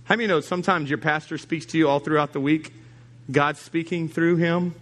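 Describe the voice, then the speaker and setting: A man's voice: on the high side, fairly even intonation, brisk, fairly bright tone. A man preaching a sermon as pastor, emphatic, repeating key lines and acting out the people he quotes. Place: church service.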